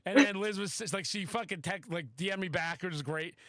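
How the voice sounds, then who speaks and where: A man with a high voice tells a story on a podcast, excitable and quick to swear. The sound is dry and close to the mic. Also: no echo. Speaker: podcast host. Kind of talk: casual podcast chat.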